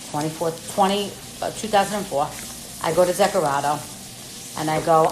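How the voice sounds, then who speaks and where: A woman's voice: deep voice, a little fast, noisy background. A middle-aged woman telling a personal story on a casual livestream, blunt and chatty, swearing freely and acting out what people said. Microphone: phone livestream.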